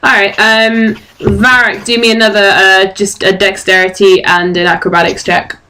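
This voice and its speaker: A woman running a tabletop game as game master over an online voice call, relaxed and quick to laugh. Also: mid-range voice, background noise. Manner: relaxed, laughs easily, many fillers.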